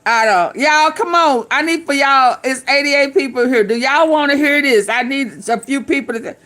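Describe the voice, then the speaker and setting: A woman's voice: high-pitched, moderate pace, fairly bright tone. A woman hosting a livestream, chatting casually with her viewers, drawling, laughing and swearing as she reacts. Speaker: livestream host. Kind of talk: casual commentary to live chat.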